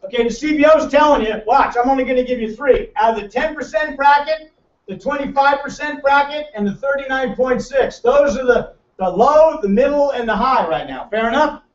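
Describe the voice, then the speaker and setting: A man's voice: very high-pitched, fairly quick. A man giving a brash, joking financial seminar to a room, teasing the audience as he talks. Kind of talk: lively seminar talk to a room. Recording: roomy, distant, muffled room recording.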